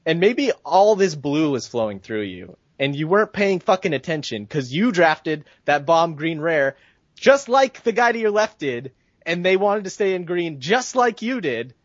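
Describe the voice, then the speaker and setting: A man's voice: a little high, sing-song, normal speed, no echo. A man co-hosting a podcast, ranting in a heated, profane, casual way. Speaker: podcast co-host. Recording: dull, dry lo-fi sound.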